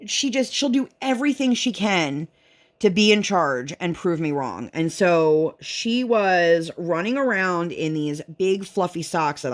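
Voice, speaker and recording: A woman vlogger and mother chatting casually while she works on a craft, rambling and leaning on "like" a lot. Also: lowish voice. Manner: rambling, chatty, heavy use of "like".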